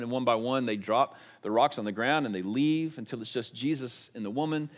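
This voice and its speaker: A pastor delivering a sermon with a voice of ordinary pitch for a man. He talks to his congregation in a conversational way, posing rhetorical questions. His delivery moves between emphatic stretches and hushed, quiet passages. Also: fairly quick, few pauses.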